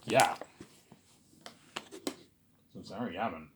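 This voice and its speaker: A man hosting his own listening series, talking in a rambling, excited way, stumbling over repeated words and often asking "you know what I'm saying". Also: low voice, very slow, background noise. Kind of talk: rambling casual monologue.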